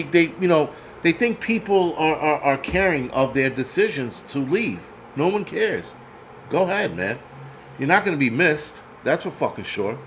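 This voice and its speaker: Profane ranting man, slightly high voice. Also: a bit bright, a little hiss or hum. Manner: profane, blunt, with many restarts. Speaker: channel host. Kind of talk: casual ranting commentary.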